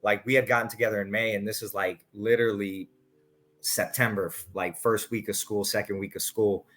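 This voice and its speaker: A man appearing as a podcast guest tells casual stories in a lowish voice, moving a little fast. He's animated and profane, acting out quotes as he goes.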